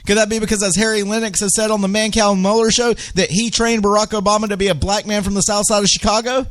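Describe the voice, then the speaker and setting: A man's voice: sits high, flat delivery, quick pace, fairly bright tone. A man hosting a political talk radio show, ranting with indignation and firing off rhetorical questions.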